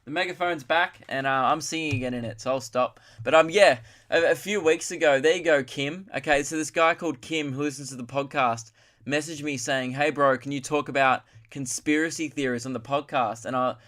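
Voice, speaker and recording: A man's voice: fairly high pitch, steady tone, a little fast, fairly bright tone. Young guy riffing solo on his comedy podcast, loose and self-mocking. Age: 20s. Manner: rambling, self-mocking, puts on voices for impressions. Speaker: podcast host.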